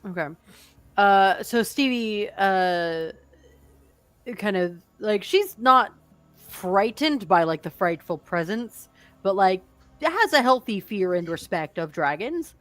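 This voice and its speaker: Woman player, unhurried, hesitant table chat. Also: mid-range voice, animated, fairly bright tone, no echo, faint music behind. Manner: slow, hesitant, with many fillers. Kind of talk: casual game table chat.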